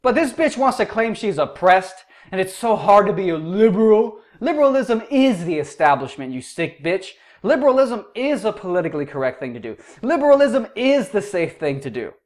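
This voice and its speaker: A man's voice: high voice, very animated, normal speed, hardly any pauses. A man hosting a reaction commentary, ranting angrily and swearing a lot. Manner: angry, profane ranting. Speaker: host.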